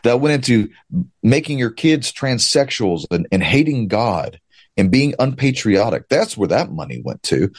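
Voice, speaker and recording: A man's voice: mid-range voice, very animated, normal speed, no echo. A man giving political commentary, talking emphatically with a sarcastic, ranting edge. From United States. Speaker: guest commentator.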